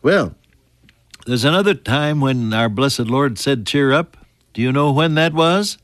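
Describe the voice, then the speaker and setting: A man's voice: mid-range voice, animated, measured pace, dry recording. Earnest older male preacher, dry close sound. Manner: earnest, swings from hushed to rising emphatic. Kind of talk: sermon.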